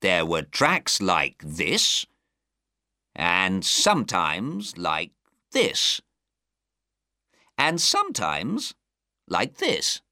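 A man voicing an eager male detective in a storybook reading, full of excited, probing questions. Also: low-pitched, drawn-out words, pauses often, no room sound, studio quality, exaggerated voice.

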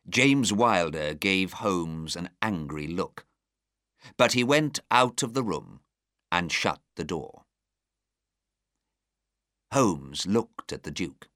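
A man narrates a story in a low, bright voice. He reads slowly and clearly, with a very lively melody. The sound is dry and close. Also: dry recording. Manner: slow, clear and expressive reading. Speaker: audiobook narrator. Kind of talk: scripted narration of a simplified story.

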